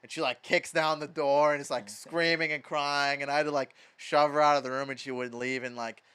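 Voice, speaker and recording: Telling stories as a podcast guest, this twenty-something from Madison, Wisconsin, swears a lot and leans heavily on "like," keeping things animated and casual. His voice is fairly high, brisk, clear and resonant.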